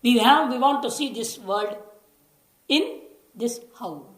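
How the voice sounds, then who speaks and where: A woman with a slightly high voice leads a scripture class, patiently explaining and repeating each key word, now and then slowly chanting a Sanskrit line. Her voice rings out in a roomy, echoey space. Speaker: scripture teacher. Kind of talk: lecture on scripture.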